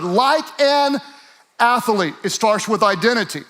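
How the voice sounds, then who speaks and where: A man with a high, light voice preaches a lively sermon to a live audience. He acts out little voices in playful asides, then climbs into loud, emphatic shouting. He sounds like he is speaking in a large hall. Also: moderate pace. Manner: energetic, builds to shouting. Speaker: pastor.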